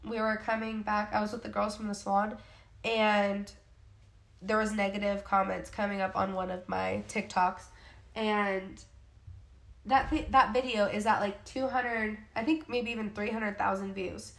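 A woman's voice: medium pitch, little pitch movement, measured pace, gravelly, a bit bright, echoey room. A young adult woman co-hosting a podcast, chatting casually and emphatically, swearing freely, with sarcastic asides. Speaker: podcast co-host. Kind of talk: casual chat.

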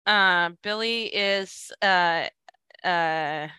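A woman co-hosting a podcast, recapping a movie in casual chat at an unhurried pace. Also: lowish voice, sharp tone, clean tone, no room sound. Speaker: podcast co-host.

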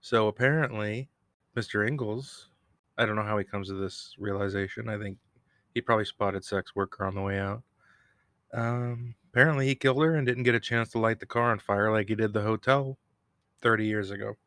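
Rambling self-deprecating man, low voice. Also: a little fast, a bit bright, no echo, clean studio sound. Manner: self-deprecating, rambling, laughs at own jokes. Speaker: podcast host recapping an episode. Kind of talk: casual solo recap with jokes. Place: home recording room, cat bell nearby.

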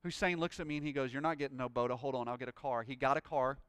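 A man preaching a sermon, telling a personal story and rising into loud, joyful praise. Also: mid-range voice, steady tone, very fast, clean tone, no room sound, clean studio sound. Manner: exuberant, shouting praise. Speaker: pastor.

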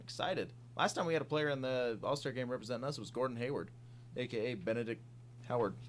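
A man's voice: medium pitch, fast talker, slight background noise. A man hosting a sports podcast, casual with wry joking asides. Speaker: podcast host.

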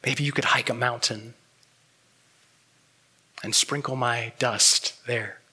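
A man preaching a sermon as pastor, earnest and reflective, pausing often and letting words trail off softly. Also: medium pitch, fairly even intonation, slightly rough.

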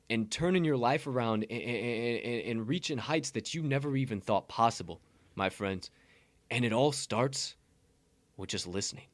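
A podcast co-host giving a casual motivational talk, blunt and profane, rambling with many restarts. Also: male voice, mid-range voice, expressive, moderate pace, dry recording.

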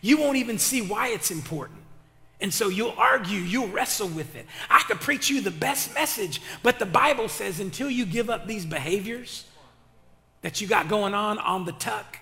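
A man's voice: sits high, expressive, normal speed, gravelly, bright, forceful tone. A male pastor preaching an impassioned sermon with casual, slangy talk and call-and-response to his church. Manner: colloquial, slangy. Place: church sanctuary. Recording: reverberant hall.

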